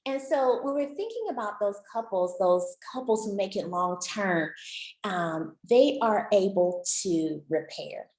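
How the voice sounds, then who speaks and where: A woman coaching couples in a warm-hearted, chatty style, speaking right to her listener and cheering them on. Her voice sits at a middle pitch. The sound carries a noticeable room echo. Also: animated, a little slow. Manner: encouraging and chatty, addresses listener directly. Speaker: relationship coach. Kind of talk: motivational talk to camera.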